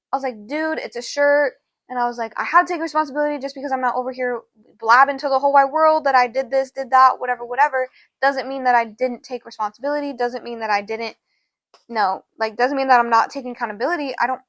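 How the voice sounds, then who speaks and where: A young woman co-hosting a podcast tells a long personal story in a rambling, casual way, full of fillers like "da, da, da" and "low-key." She talks quickly in a fairly bright tone, with no room sound.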